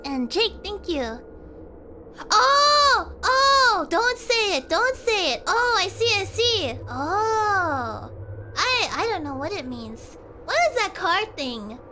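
Very high-pitched giggly woman streamer. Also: big pitch swings, takes it slowly, sharp tone, soft background music. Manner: giggly, rambling, talks to chat. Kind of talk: casual livestream chat.

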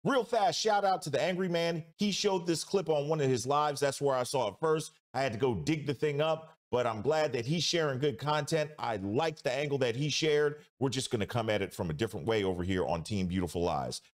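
A man hosting a reaction commentary show, talking emphatically and reacting with drawn-out exclamations. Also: medium pitch. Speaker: host.

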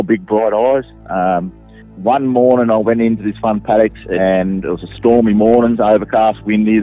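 An Australian sheep farmer recalling events in a plain-spoken, matter-of-fact way. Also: male voice, fairly low pitch. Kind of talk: casual recollection. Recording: tinny phone line with faint music.

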